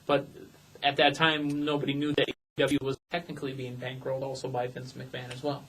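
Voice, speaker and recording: A man's voice: medium pitch, monotone, a little fast, fairly bright tone, slight background noise, low-quality recording. A man co-hosting a casual wrestling talk show, cutting in with blunt opinions and jokes. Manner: blunt interjecting quips. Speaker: co-host.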